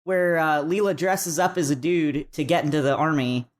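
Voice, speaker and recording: Woman, podcast co-host, low-pitched voice, joking, quotes pop culture. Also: steady tone, normal speed. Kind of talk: casual chat.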